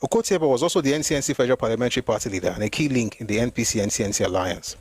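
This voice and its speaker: A man's voice: medium pitch, a little mellow, breathy edge, no echo. A man reading from a memoir aloud for a history channel, stopping now and then to comment and reread a passage. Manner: reads steadily, pauses to comment and reread.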